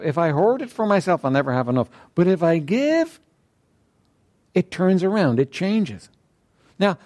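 A man's voice: high-pitched, darkish tone. A man preaching a sermon who speaks emphatically, repeats key phrases and keeps asking the congregation "right?". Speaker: pastor.

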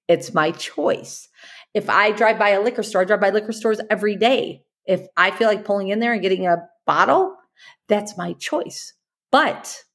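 Woman podcast host, earnest motivational solo talk, repeats herself and asks rhetorical questions, mid-range voice. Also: mid-range voice. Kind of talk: motivational monologue.

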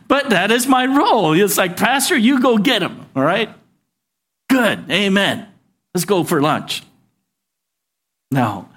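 A man's voice: high voice, a bit bright. A male pastor preaching a sermon in a conversational style, with asides and call-and-response to the congregation.

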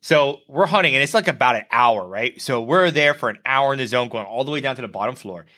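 A man co-hosting a gaming podcast, telling a story with lively acted-out quotes. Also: mid-range voice, fast. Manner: animated storyteller, acts out quotes. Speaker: podcast co-host. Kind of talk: casual gaming podcast chat.

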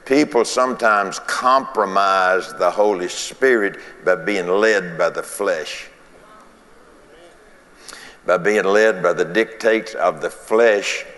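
Male preacher, slow deliberate delivery, low voice, big echoing church sound. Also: fairly bright tone. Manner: folksy, repeats phrases, laughs between points. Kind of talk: sermon.

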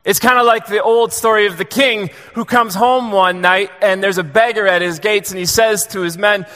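A man preaching a sermon to a congregation in a relaxed, joking, conversational way. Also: sits high, moderate pace, long reverb tail. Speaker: pastor. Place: church sanctuary.

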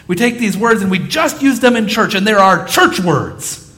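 A man preaches from the pulpit in a high voice that leaps up and down. He tells stories and acts out the lines of the people in them, animated throughout. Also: moderate pace. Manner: animated storytelling, acting out quoted voices. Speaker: pastor. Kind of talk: sermon.

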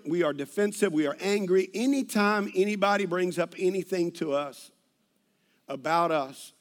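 A middle-aged pastor preaches with a notably high-pitched voice. He tells stories animatedly, breaking off into restarts and asides as he goes. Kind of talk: sermon with personal stories.

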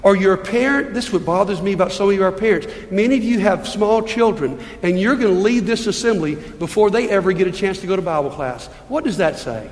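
Speaking fast with few pauses and lively intonation, a high-voiced male pastor delivers a sermon in a church sanctuary. The long echo of the hall colors his earnest, pleading delivery, which leans on rhetorical questions.

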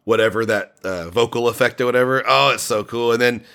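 A man co-hosting a casual album discussion, enthusiastic and halting, full of fillers and restarts. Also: mid-range voice, a bit bright, smooth. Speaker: podcast co-host reviewing an album.

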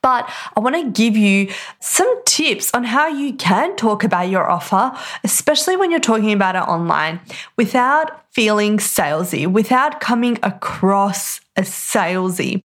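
A woman, hosting a podcast and telling a story in a chatty, animated way, full of "like" fillers. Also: medium pitch, unhurried. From Australia. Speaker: podcast host. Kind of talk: casual storytelling monologue.

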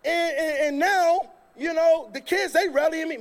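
High-pitched male preacher who tells jokey stories in his sermon, lively and loud at times. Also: fairly quick, hardly any pauses. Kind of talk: sermon with comic storytelling.

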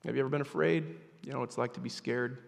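A man's voice: medium pitch, fairly even intonation, racing, gravelly. Man preaching in a reverberant hall. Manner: dramatic swings from loud emphatic preaching to hushed near-whispers. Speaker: pastor. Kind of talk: sermon.

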